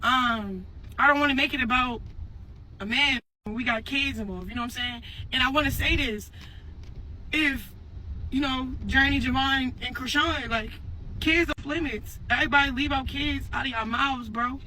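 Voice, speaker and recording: A woman's voice: high-pitched, normal speed, bright, forceful tone, slight background noise, rough recording. A woman speaking to her followers in a casual, heartfelt video message, earnest and rambling, circling back with repeated fillers. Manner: earnest, rambling, repeats "for real" and "you know what I'm saying". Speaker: mother addressing her audience.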